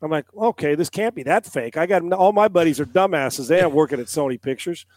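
A man's voice: on the high side, quick pace, darkish tone, dry recording. A middle-aged man, a former quarterback and analyst, telling a long story on a podcast, acting out quotes and swearing casually.

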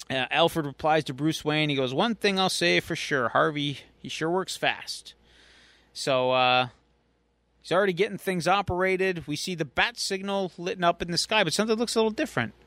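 A man co-hosts a podcast, casually retelling a comic plot scene by scene. His voice sits fairly high and sounds smooth and clear on a dry close mic. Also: fairly bright tone, dry recording. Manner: chatty storyteller, acting out quotes. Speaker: podcast co-host. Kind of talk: casual recap of a comic story.

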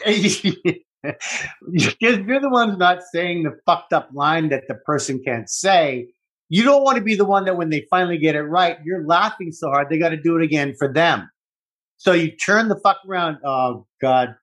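A middle-aged man co-hosting a podcast, bantering in animated, profane casual chat. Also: a little high, moderate pace. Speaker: podcast co-host.

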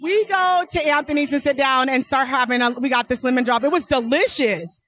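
A woman co-hosting a podcast, telling a story in animated casual chat and acting out the quotes. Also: high voice, fairly quick. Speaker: podcast co-host.

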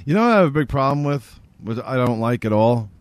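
A man's voice: mid-range voice, lively intonation, fast talker, clear, resonant tone, dry recording. A man chatting casually, rambling with restarts and the odd curse. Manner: loose, rambling, with restarts and swearing. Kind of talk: casual podcast chat.

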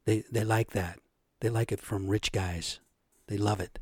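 A crude, boastful rich man, as a man mocks him in an impression speaks in a smug, lowered murmur. The tone is dark and mellow, and the recording is dry and close. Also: steady tone, a little slow, husky, no echo. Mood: smug bragging.

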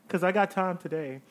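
A woman at a tabletop game jokes around, playful and quick with a comeback. Her voice is mid-pitched. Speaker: player. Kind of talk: casual tabletop game play.

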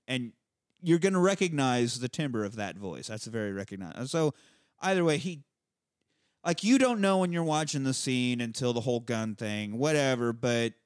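A man on a podcast casually recapping a movie plot, swearing freely and jumping into quick character voices. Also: medium pitch, dry recording, clean studio sound. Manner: profane, animated retelling with quick voices for characters. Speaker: podcast host. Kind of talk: casual movie rewatch chat.

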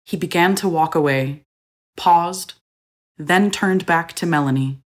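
A woman narrating a story in a measured, expressive reading. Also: fairly low pitch.

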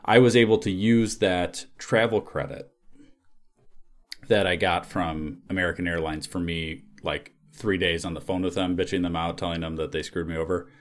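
A man with a very low voice hosts a podcast in casual chat. He rambles, doubling back with fillers as he tells a story. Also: steady tone, moderate pace. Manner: rambling, lots of filler words and restarts. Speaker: podcast host.

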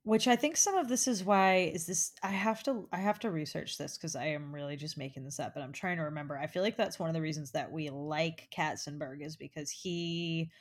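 Low-pitched female co-host, casual, thinks aloud and asks questions. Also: fairly quick, few pauses. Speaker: podcast co-host. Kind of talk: casual chat.

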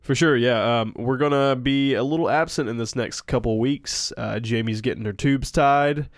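A man co-hosting a podcast, speaking in a relaxed, halting way with fillers. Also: medium pitch, no echo, clean studio sound. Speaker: podcast co-host. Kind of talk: casual podcast sign-off.

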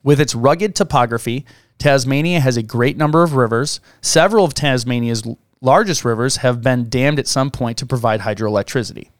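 Smooth-voiced man co-hosting a podcast. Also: medium pitch, brisk, dry recording, studio quality. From United States. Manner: reads facts then jokes and laughs. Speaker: podcast co-host. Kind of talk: casual chat reading research notes.

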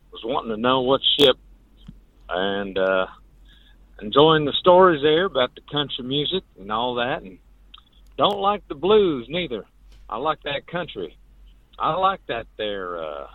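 A man's voice: mid-range voice, dry recording. Man, rural Ohio accent, folksy, tinny phone line, dry. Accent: Southern-tinged rural Ohio. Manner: folksy, homespun. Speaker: caller leaving voicemail. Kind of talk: voicemail message.

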